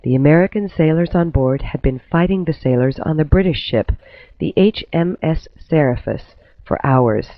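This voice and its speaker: A man's voice: fairly high pitch, moderate pace, no echo. Male storyteller on a phone-thin line. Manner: steady, clear storytelling delivery. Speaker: narrator. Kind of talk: scripted storybook narration. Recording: tinny phone-like dry recording.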